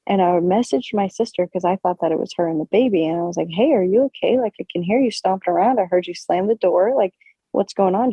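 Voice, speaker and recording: A woman's voice: on the low side, husky, no room sound, muffled recording. Young woman telling a story casually. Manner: animated, swearing, lots of fillers. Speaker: podcast co-host.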